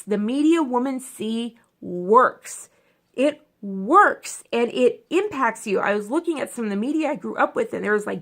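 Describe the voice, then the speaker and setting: A woman talking casually to her viewers. Her voice is gravelly, with a lot of vocal fry. She rambles from one tangent to the next and stays emotional and expressive throughout. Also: fairly high pitch. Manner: rambling and chatty, full of tangents and self-corrections. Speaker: vlogger. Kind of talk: casual chat to camera.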